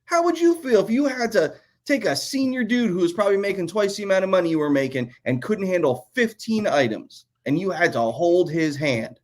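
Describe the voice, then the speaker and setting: Brief: lively, swooping male podcast co-host, a little high-pitched, profane and ranting. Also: brisk, few pauses. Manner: animated, profane ranting storyteller. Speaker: podcast co-host, former toy designer. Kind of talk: casual podcast chat.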